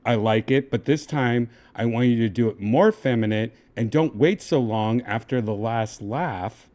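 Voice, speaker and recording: A man hosting a casual livestream, coaxing and giving step-by-step instructions in a relaxed, chatty way. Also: medium pitch, measured pace. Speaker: livestream host.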